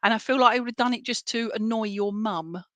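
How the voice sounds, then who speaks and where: A woman's voice: a little high, quick pace, dry recording. Chatty woman medium, dry close sound. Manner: chatty, affectionate, frequent 'all right?' check-ins. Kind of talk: clairvoyant readings in an online service. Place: home, by herself.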